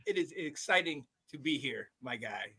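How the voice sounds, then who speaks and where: A man's voice: mid-range voice, animated, moderate pace, pushed and bright. A man guest-hosting a casual sports talk show, upbeat and slangy, with frequent laughter. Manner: hype, slangy, laughs often. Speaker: guest host.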